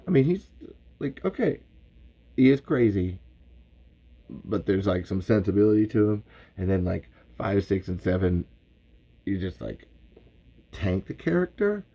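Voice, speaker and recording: Rambling podcast host, low-voiced man. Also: very animated, measured pace, vocal fry, long pauses, warm tone. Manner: rambling, lots of "like" and restarts. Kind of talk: casual livestream chat.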